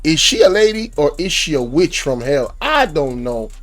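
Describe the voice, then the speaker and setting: A man's voice: fairly high pitch, big pitch swings, moderate pace, a bit bright, soft background music. A man with a Jamaican accent hosting a reaction channel, talking to viewers in an indignant, preachy way. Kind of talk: casual reaction commentary.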